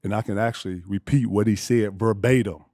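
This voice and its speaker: A man's voice: on the low side, fairly even intonation, a little fast, mellow. A man telling stories from his playing days in a loose, profane way, acting out the voices of other people. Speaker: guest storyteller. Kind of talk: casual storytelling.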